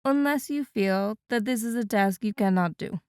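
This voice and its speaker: A woman voicing a stern male French sous chef with a deep, formal, pointed manner in an audiobook. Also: moderate pace, a little mellow, clear, resonant tone, no room sound, clean studio sound, natural voice. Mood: stern, challenging. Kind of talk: audiobook character voice.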